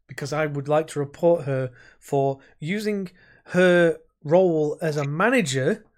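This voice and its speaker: Blunt man, slightly high voice. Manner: sweary, blunt anecdotes. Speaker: podcast co-host. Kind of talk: casual chat.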